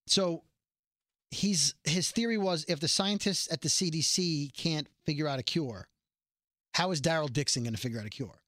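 Male podcast co-host, rambling casual chatter, slightly high and bright. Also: moderate pace, no room sound, studio quality. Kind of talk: casual chat.

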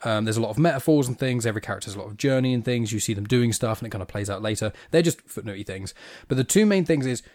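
A British man co-hosting a podcast, chatting casually about a film in an animated, rambling way and laughing easily. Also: medium pitch, rapid-fire, dry recording, clean studio sound. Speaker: podcast co-host.

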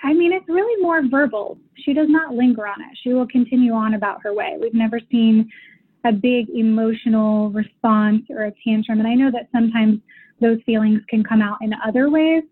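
Over a tinny phone line, a military mother calls in to a parenting show for a casual consultation. Her voice sits on the high side at a normal speed, and she explains things thoughtfully and at length.

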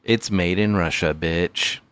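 A man co-hosting a podcast, delivering dry, deadpan quips and reading the sponsor plugs. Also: sits low, slow, smooth, dry recording. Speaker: podcast co-host. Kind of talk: casual comedic chat.

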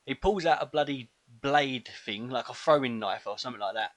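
This is a man co-hosting a casual podcast, easygoing and full of ums and uhs as he thinks aloud. His mid-pitched voice sits close and dry on the mic, with no room sound around it. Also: fairly quick, no echo. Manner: relaxed, hesitant, lots of fillers. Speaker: podcast co-host. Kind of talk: casual film review chat.

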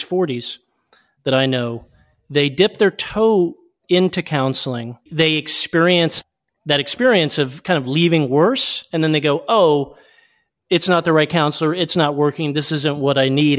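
A man speaking as a podcast guest, his voice sitting a little high. He talks quickly and reflectively, building points through personal anecdotes. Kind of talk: casual interview chat.

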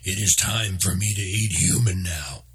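A man voicing a huge, hungry male black bear who speaks in short, flat, declarative sentences in a deep voice. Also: normal speed, husky, heavily acted. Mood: blunt.

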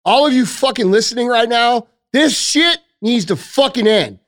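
A man with a strikingly high voice leads the show, cursing through an angry lecture aimed at his listeners. The sound is close and dry, with no room around it. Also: a bit bright, dry recording. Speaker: podcast host. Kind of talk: angry profane rant.

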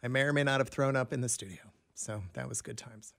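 A man guesting on a radio show, telling self-mocking stories in an animated way. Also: mid-range voice, quick pace, gravelly. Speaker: in-studio guest. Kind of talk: casual radio banter. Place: radio studio.

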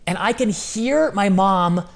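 Animated higher-voiced man telling a story. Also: takes it slowly, creaky. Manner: animated, casual slang, acts out quoted voices. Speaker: guest. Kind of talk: casual storytelling chat.

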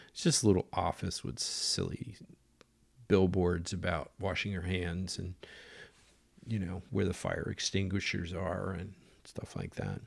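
A man's voice: lowish voice, creaky. A middle-aged man telling a story in a rambling, conversational way, full of fillers and acted-out quotes. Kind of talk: casual spoken storytelling.

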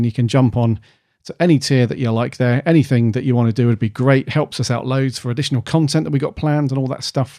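Podcast host guy, jokey, slangy, mid-pitched, dry close sound. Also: warm tone, no room sound. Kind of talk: casual podcast chat.

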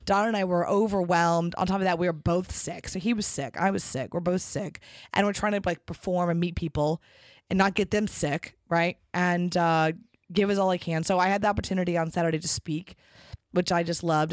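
A woman's voice: fairly low pitch, brisk, dry recording. Chatty woman host with a dry, close sound. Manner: chatty and animated, many fillers. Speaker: podcast host. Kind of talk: casual monologue.

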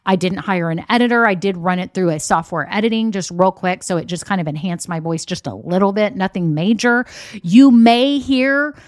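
A woman's voice: medium pitch, moderate pace, no room sound, studio quality. A woman hosting a solo business podcast, talking straight to her listeners in an upbeat, emphatic way. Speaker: podcast host and online business coach. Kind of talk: solo motivational podcast talk. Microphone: podcast microphone.

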